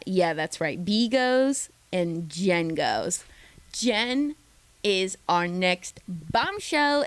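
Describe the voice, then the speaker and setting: A chatty woman recaps a reality dating show, gossiping and dropping into quick impressions of the cast. Her voice has a gravelly, fry-tinged edge at a middle pitch. The sound is dry and close, with little room around it. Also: no room sound. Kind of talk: casual recap commentary.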